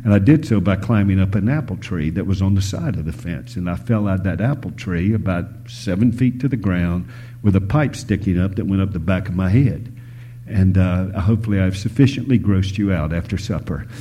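A man preaching a sermon, shifting between loud emphasis and hushed whispers, telling stories and asking the audience questions. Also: deep voice, fairly quick, husky. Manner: storytelling, asks the audience questions.

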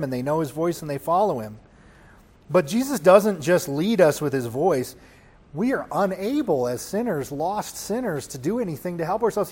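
A male pastor delivering a sermon in a fairly high voice. He swells from near-whispers to loud declarations and keeps asking the listeners questions. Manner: preaching with swells from hushed to loud; rhetorical questions to the congregation.

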